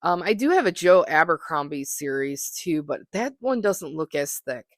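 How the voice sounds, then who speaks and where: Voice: mid-range voice, very animated, normal speed, dry recording, studio quality. A podcast host talking through books in a casual solo monologue, rambling and hesitant with lots of fillers, enthusiastic and self-deprecating.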